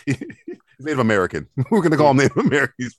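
A man's voice: medium pitch, very animated, very fast, no room sound, clean studio sound. A man hosting a podcast, chatting casually, often laughing and stammering. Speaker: podcast host. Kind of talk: casual comedic chat.

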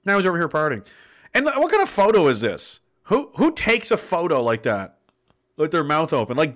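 A man's voice: on the high side, big pitch swings, brisk, fairly bright tone. A man giving an indignant, sardonic political rant on his vlog and swearing freely. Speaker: political commentator.

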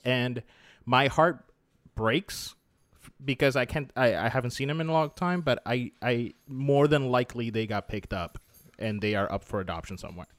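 A man in a casual chat, telling a story with many pauses, fillers and restarts. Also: medium pitch, no echo.

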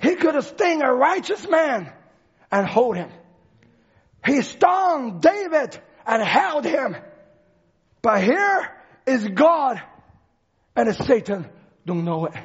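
High-pitched dramatic male preacher. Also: sing-song, takes it slowly, pauses often, slightly rough, lo-fi sound. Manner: dramatic, swings from shouting to hushed. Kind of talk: sermon.

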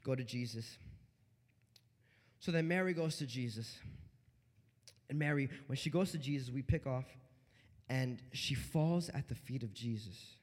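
A man preaching a sermon in a church, animated, dropping to a hush and then rising loud. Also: medium pitch, normal speed, long reverb tail. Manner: animated preaching, swinging between hushed and loud.

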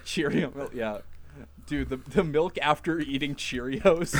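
A man's voice: on the high side, normal speed, a crowd in the background. A man hosting a casual podcast chat, rambling and reading online posts aloud with frequent laughs. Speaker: podcast host.

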